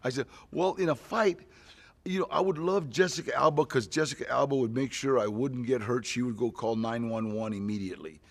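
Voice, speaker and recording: A man with a gravelly, husky voice talks loosely in a press interview, rambling from one story to the next. He keeps dropping in "you know" and breaks into chuckles as he goes, an actor talking up his film. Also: mid-range voice, brisk, few pauses.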